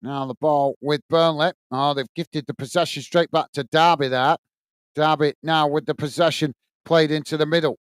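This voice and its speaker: A man's voice: a little high, fairly even intonation, normal speed, clean tone, no room sound. A man with a Lancashire accent hosting a live football watch-along, giving running play-by-play and reading viewer comments aloud in a friendly, matey way. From England.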